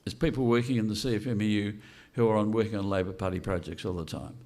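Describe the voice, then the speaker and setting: A man's voice: lowish voice, fairly even intonation, fast, darkish tone. An older man giving a blunt, unscripted speech to an audience and asking rhetorical questions. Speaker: speaker at a political launch event.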